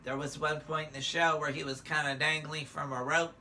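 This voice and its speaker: A man's voice: a little high, level tone, a little fast, sharp tone, a little hiss or hum. An older man, a drag performer, giving a chatty, casual review of a show's contestants, with frequent filler words and playful asides.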